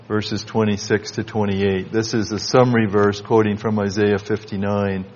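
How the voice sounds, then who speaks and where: A man preaching a Bible exposition sermon, reading scripture aloud in measured King James wording. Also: lowish voice, a little mellow, lo-fi sound.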